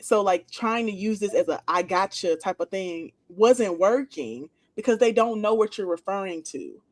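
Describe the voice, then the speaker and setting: A woman's voice: medium pitch, animated, moderate pace, darkish tone. A woman co-hosting a political talk show, chatting casually and frankly about organizing, swearing freely.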